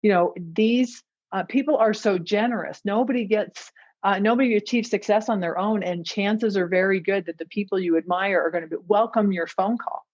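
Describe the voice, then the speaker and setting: A woman's voice: mid-range voice, moderate pace, darkish tone. A woman hosting a podcast who reflects thoughtfully and laughs often. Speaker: podcast host. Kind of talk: conversational interview. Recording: dull lo-fi sound.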